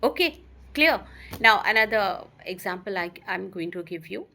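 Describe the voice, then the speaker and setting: A woman teaching an English grammar lesson, reading example sentences slowly and emphatically, with some fillers and restarts. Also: mid-range voice, animated, creaky, pushed and bright.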